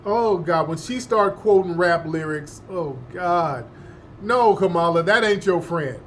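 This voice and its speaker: High-voiced guy hosting a political talk show, slangy and emphatic, keeps scoffing. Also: expressive, takes it slowly, fairly bright tone, a little hiss or hum. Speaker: host. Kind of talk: opinionated political commentary.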